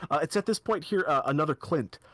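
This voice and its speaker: Halting man narrating as game master. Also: on the high side, animated, fairly bright tone, no echo.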